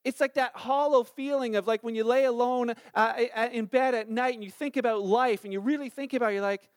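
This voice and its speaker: Very high-pitched and fairly quick, this middle-aged pastor barely pauses as he preaches in church. He tells stories in a conversational, animated, chatty style with lots of fillers, captured in studio quality with no room sound.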